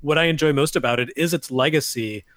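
Male host, slightly high voice, dry close sound, wry tone. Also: quick pace, fairly bright tone, no echo. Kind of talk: casual chat.

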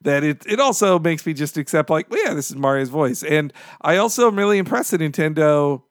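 A man as a podcast guest, telling stories in an enthusiastic, animated way. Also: on the high side, a little fast, no echo, studio quality. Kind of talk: casual podcast chat.

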